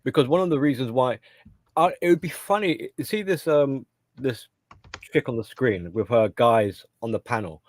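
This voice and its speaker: Guy thinking out loud, halting, dry close sound, mid pitch. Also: lively intonation, dry recording. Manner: halting and discursive, thinking aloud. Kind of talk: casual chat.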